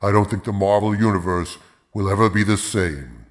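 A man's voice: on the low side, normal speed. Grandiose man in a pompous villain persona. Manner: grandiose, pompous, speaks of himself in third person. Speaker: host of a movie review show. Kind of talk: theatrical villain-persona commentary.

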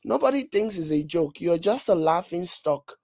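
A woman's voice: lowish voice, animated, normal speed, dark tone, no echo. A woman with a Nigerian accent giving casual, mocking commentary on a video while scrolling for screenshots. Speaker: vlogger reacting to a video.

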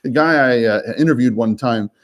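A man working as a real estate broker, coaching in a quick, chatty way and often repeating words and laughing. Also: mid-range voice. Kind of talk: coaching talk with live cold calls.

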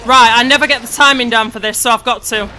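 High, bright sweary woman gamer. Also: steady tone, quick pace, soft background music. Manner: sweary, shouty and frustrated. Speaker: gameplay commentator. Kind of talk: let's-play commentary.

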